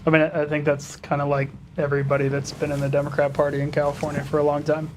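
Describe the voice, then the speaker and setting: A man's voice: a little high, completely flat delivery, fast, background noise. A man speaking as a political candidate guest in casual interview talk, earnest and stammering as he restarts his sentences.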